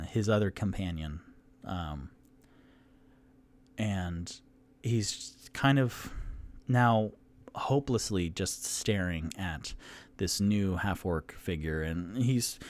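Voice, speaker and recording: Slow, rambling man running a solo tabletop game. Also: lowish voice, no echo. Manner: rambling, full of ums and self-corrections. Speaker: dungeon master.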